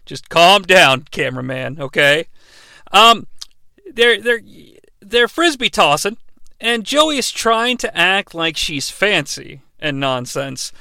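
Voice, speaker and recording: High, lively sarcastic podcast man. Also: slow pace, vocal fry, clear, resonant tone, no echo. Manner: animated, profane, sarcastic asides. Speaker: podcast host. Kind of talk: comedic episode recap.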